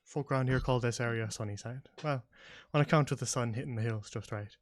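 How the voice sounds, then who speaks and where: A man's voice: medium pitch, fairly quick, no echo, close to an everyday voice. A man voicing a friendly, apologetic elven man farmer with a folksy way of talking in a tabletop game. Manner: apologetic, folksy, saying "aye". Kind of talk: tabletop role-play character voice.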